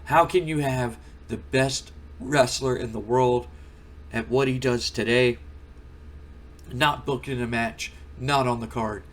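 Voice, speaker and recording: A man's voice: mid-range voice, steady tone, slow, a little hiss or hum, natural voice. A man voicing an arrogant male wrestler who complains indignantly. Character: arrogant male wrestler, whining, self-important.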